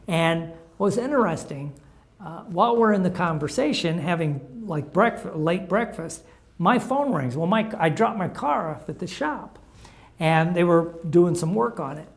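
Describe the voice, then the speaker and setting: A man's voice: sits high, lively intonation, moderate pace, gravelly. Story-telling man on recovery. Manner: conversational, anecdotal storytelling. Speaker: recovery program speaker. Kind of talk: informal talk on recovery steps.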